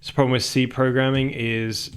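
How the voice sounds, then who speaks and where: A man's voice: mid-range voice, flat delivery, fairly quick, clear, resonant tone. A man chatting casually while he codes live, drifting between topics and breaking off mid-phrase. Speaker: live-coding streamer. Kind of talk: casual rambling stream chat.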